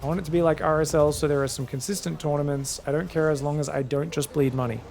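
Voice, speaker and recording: A man commentating a strategy game solo, quick excitable play-by-play with casual asides to his viewers. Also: fairly high pitch, creaky, a little hiss or hum. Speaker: esports caster.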